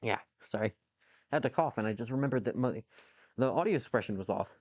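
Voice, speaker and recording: A fast-talking man with a mid-range, darkish voice and no echo on the recording. He machines in his home workshop with a lathe while livestreaming, chatting loosely with viewers, rambling, cursing and answering chat.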